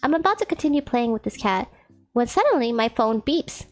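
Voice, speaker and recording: A woman's voice: a little high, very animated, a little fast, soft background music. A woman game streamer reading a visual novel aloud, playful and giggly, joking between the read lines.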